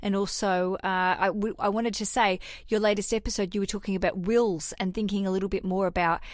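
A woman's voice: mid-range voice, steady tone, fairly quick, no echo, studio quality. A woman hosting a podcast, chatting and laughing with her guest in a playful, self-mocking way. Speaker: podcast host. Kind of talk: casual chat.

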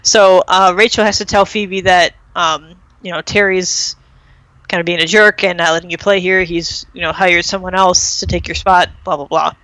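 A young woman chats her way through an episode recap, full of "um" and "like" and quick acted quotes. Her voice is bright and forward, recorded dry and close with no room sound. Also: fairly low pitch, steady tone, dry recording, low-quality recording. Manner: chatty retelling with many fillers and acted-out quotes. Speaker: podcast host recapping a TV episode. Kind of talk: casual chat.

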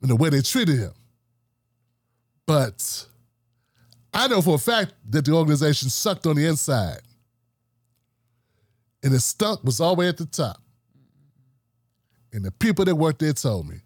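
A man's voice: fairly high pitch, normal speed, long pauses, husky, no room sound, studio quality. A man in his forties from the Washington, D.C. area, hosting a podcast and telling stories casually, acting out the people he quotes. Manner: animated, acts out quoted coworkers. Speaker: podcast host. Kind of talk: casual storytelling chat.

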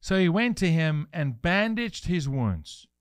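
A man's voice: fairly high pitch, big pitch swings, a little slow, clean tone, dry recording. A man hosting a podcast, delivering impassioned commentary in a fervent, preachy way full of rhetorical questions. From South Africa. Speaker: podcast host. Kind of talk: impassioned commentary with scripture reading.

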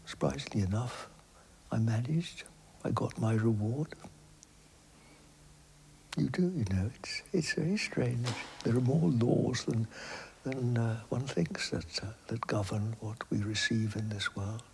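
With a medium-pitched, gravelly voice, an older man answers interview questions thoughtfully but hesitantly, starting over many times and often dropping almost to a whisper. A slight hiss or hum is audible.

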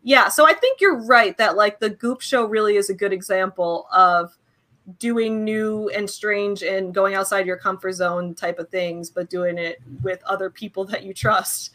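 A young woman co-hosting a casual podcast, chatty and quick to laugh, with lots of fillers. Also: medium pitch, a bit bright. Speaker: co-host.

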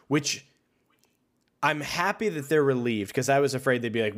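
A man's voice: mid-range voice, moderate pace, pauses often, a bit bright. Wry joking man, podcast co-host. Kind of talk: casual book-discussion chat.

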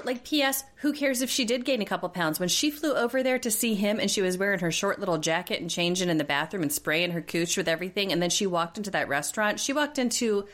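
A woman's voice: medium pitch, fairly bright tone. A woman co-hosting a podcast in casual recap chat, emphatic and opinionated as she rants. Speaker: podcast co-host.

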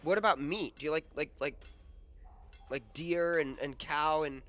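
A man's voice: on the high side, unhurried, a bit bright. A man playing an eager eleven-year-old boy who rambles with lots of fillers.

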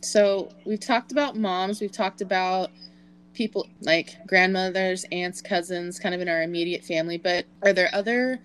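A woman's voice: lowish voice, moderate pace, fairly bright tone, rough recording. A woman co-hosting a podcast, chatting casually and putting questions to the others with lots of fillers. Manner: asks questions with many fillers. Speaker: podcast co-host. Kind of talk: casual chat.

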